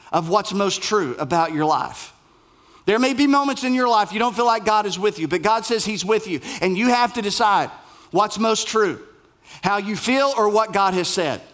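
A man with a high speaking voice delivers a sermon to his church. He talks casually, building his points with repeated phrases. His delivery stays conversational even when he presses a point. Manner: conversational, emphatic repetition. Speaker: pastor.

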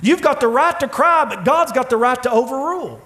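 A man preaching a sermon in a church, with dramatic pauses, swinging from loud, pleading lines to hushed ones. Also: extremely high pitch, lively intonation. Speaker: pastor. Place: church sanctuary.

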